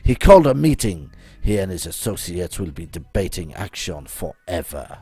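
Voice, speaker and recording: A man doing a scheming male hacker with a heavy French accent and a low voice, grand and theatrical. He speaks of himself in the third person. The voice is dry and close, with no room sound. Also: big pitch swings, normal speed, a little mellow, husky, dry recording, heavily acted. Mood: grave. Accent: French (put on).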